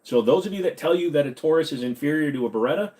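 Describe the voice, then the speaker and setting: A man's voice: fairly high pitch, lively intonation, fast, darkish tone. A man hosting a casual live stream from his home computer room at a desk mic, answering viewer questions with jokes. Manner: slips into a bad Southern accent. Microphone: desk microphone.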